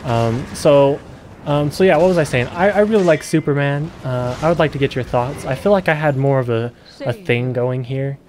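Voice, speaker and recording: With slight background noise behind his mid-range voice, a young gaming streamer plays and chats casually. His talk is rambling and full of swearing, turning loud and exasperated.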